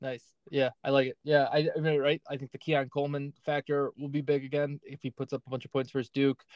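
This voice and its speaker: A man's voice: medium pitch, level tone, quick pace, darkish tone, no room sound. A man co-hosting a fantasy football podcast, talking in a casual, hedging way and often tagging "right?" onto his points. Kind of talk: casual chat.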